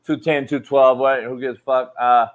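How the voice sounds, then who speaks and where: A man's voice: mid-range voice, level tone, normal speed. A man hosting a sports talk show, blunt and profane, brushing off points and arguing heatedly. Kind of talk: casual sports talk debate.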